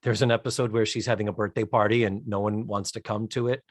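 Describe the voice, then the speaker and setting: A man co-hosting a podcast, casually retelling a TV episode in an animated way and laughing often. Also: fairly low pitch, fast talker, no room sound, clean studio sound. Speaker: podcast co-host. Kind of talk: casual chat, recapping a TV episode.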